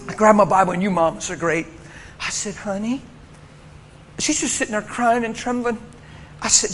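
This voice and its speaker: High, bright-voiced man preaching in a hall. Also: a little hiss or hum. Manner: animated storytelling, acts out voices, laughs often. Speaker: pastor. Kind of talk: sermon. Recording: hall reverb, faint ambience.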